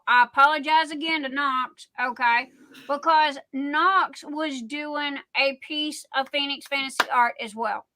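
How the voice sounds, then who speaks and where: A middle-aged woman hosting a casual livestream, telling stories in a rambling, excitable way. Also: high-pitched. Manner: rambling, excitable, chatty storytelling. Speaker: livestream host.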